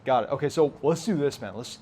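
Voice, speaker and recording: A man's voice: mid-range voice, expressive, fast, dark tone. A man hosting a podcast interview in a casual tone, hyping up his guest. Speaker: podcast host.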